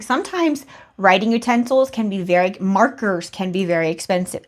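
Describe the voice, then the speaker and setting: A woman's voice: medium pitch, animated, normal speed. A young adult woman recapping her recent resale sales in a chatty, rambling way, with asides and self-deprecating laughs. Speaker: reseller vlogger.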